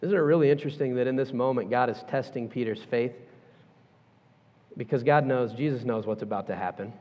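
A man's voice: mid-range voice, brisk. A man preaching a sermon in a church auditorium, emphatic and conversational with casual asides. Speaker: pastor. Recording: echoey hall, dull sound.

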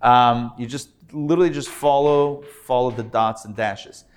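A man, a rabbi, teaching a live Hebrew reading class, sounding out syllables slowly and patiently checking that his students follow. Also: mid-range voice, steady tone, clear, resonant tone. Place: classroom before a live audience.

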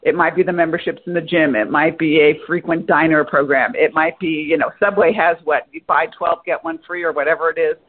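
A woman guest in a business interview speaks in a husky voice. She gives direct, plain-spoken advice. Her audio comes through narrow and thin, like a phone call. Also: low voice, steady tone, brisk, few pauses.

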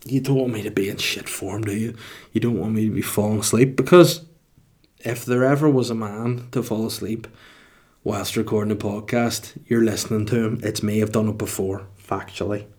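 A man hosting his own podcast alone, chatting casually and drifting from one aside to the next. He mocks himself and swears freely. His voice sits a little low. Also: fairly even intonation, moderate pace, darkish tone. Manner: rambling, self-mocking, swearing freely. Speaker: podcast host. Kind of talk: casual solo podcast monologue.

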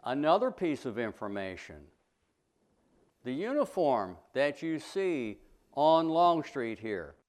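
Slow, plainspoken male sculptor lecturing. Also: mid-range voice, very animated, a little mellow. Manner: plainspoken, opinionated, tells anecdotes. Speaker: sculptor giving a talk. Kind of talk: folksy lecture to a history club.

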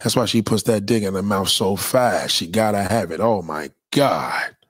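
A man's voice: fairly low pitch, normal speed, slightly rough, no echo. A man delivering a blunt, profane, opinionated monologue in a lecturing tone.

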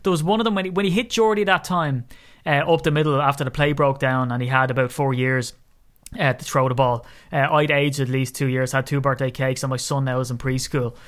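A man co-hosting a casual sports podcast, joking and exaggerating as he talks. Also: fairly quick. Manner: animated, joking, exaggerating with rising pitch. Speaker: podcast co-host.

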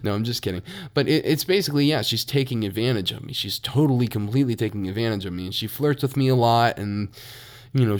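Profane, laughing young man ranting. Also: medium pitch. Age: young adult. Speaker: podcast host. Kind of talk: solo podcast rant.

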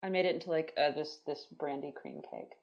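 A woman's voice: low voice, huge pitch swings, a little fast, creaky, darkish tone, dull audio. Woman podcast host, chatty, swears a bit, voice goes up and down a lot. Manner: chatty, laughs often, candid and swears casually. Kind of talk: casual chat.

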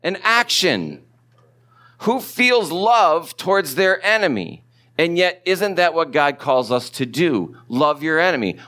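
A man's voice: a little high, very animated, takes it slowly, sharp tone. Conversational male pastor preaching. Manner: conversational, asks the congregation questions. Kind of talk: sermon.

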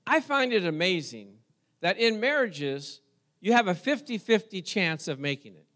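A man with a high-pitched voice delivers a sermon. He tells a personal story with animated energy and talks straight to his congregation. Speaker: preacher.

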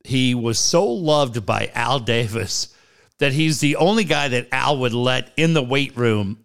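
A man's voice: mid-range voice, a little slow, vocal fry, a bit bright, clear, resonant tone. A middle-aged man co-hosting a sports talk show, swearing freely and mocking the people he talks about. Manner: profane, mocking storyteller who mimics people. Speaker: sports radio co-host.

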